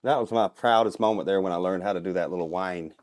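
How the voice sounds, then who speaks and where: Deep-voiced man from Minnesota. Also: quick pace, slight background noise. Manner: relaxed, explanatory, chuckles often. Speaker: guest, turkey call maker and calling champion. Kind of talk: casual podcast interview.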